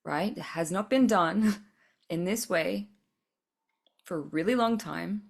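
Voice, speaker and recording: A woman's voice: lowish voice, slow, gravelly, husky. A woman hosting a spiritual podcast, giving a blunt, profane tough-love pep talk with frequent laughs. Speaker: podcast host.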